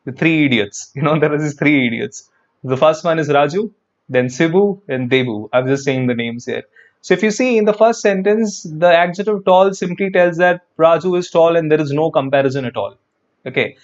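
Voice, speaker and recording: A man's voice: a little high, normal speed, lo-fi sound. A man teaching an English grammar lesson online, chatty and repetitive, talking straight to his viewers and answering their comments. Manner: chatty, repeats words, talks to viewers.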